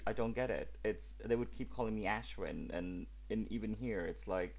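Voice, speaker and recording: A man speaking as a guest on a podcast in casual, animated conversation with exasperated asides. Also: lowish voice, normal speed, vocal fry, hardly any pauses.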